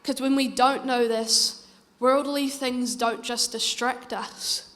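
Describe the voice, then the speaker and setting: A woman's voice: high-pitched, fairly even intonation, takes it slowly, fairly bright tone, in a large hall. Earnest New woman preaching. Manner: earnest, urging, conversational storytelling. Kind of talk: sermon. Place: church.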